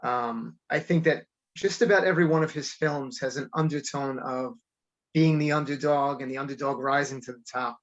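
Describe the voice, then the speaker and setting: A man's voice: mid-range voice, steady tone, normal speed. Earnest New York man, muffled line. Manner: earnest, reflective storyteller. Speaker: guest, high school teacher. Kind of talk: remote podcast interview.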